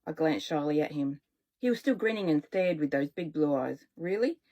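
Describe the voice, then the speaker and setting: A woman's voice: sits low, animated, normal speed, dark tone. A woman reading her own first-person romance novel aloud, chatty and informal, stopping to correct herself and talk to listeners.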